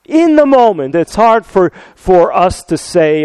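An older man, a pastor, preaching a sermon with earnest, animated delivery and rhetorical questions. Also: sits high, normal speed, few pauses, clear, resonant tone, no echo, rough recording.

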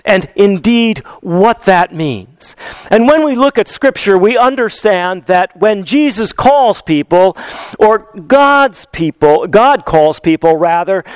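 A man preaching a sermon as pastor, acting out biblical characters in a lively storytelling way. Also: sits high, dry recording, poor audio.

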